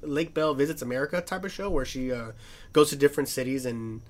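Fast-talking rambling man in casual chat. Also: mid-range voice, animated. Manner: rambling, swears often, laughs between phrases. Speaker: podcast co-host.

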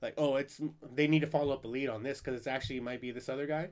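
A man's voice: medium pitch, fairly even intonation, fast. A man hosting a podcast in casual chat, rambling and profane, laughing often. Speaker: podcast host.

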